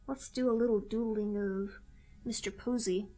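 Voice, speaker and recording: A young woman from Missouri talks to her stream in a chatty, meandering way, breaking into giggles. Her voice sits a little high, with a light blend of Southern and Midwestern in it. Quiet music plays faintly underneath. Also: steady tone, moderate pace. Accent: mild Southern-Midwestern American mix. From Missouri, USA. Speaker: live-streaming artist. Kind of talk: casual chat with viewers while drawing.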